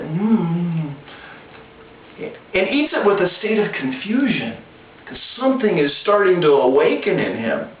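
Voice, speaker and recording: A man telling a spiritual parable in a slow, deliberate way with pauses and restarts, recorded through a tinny, echoey line from a distance. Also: a little high, slight background noise. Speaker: spiritual storyteller. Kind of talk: told parable, spiritual teaching. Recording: tinny far-off echoey lo-fi with faint background.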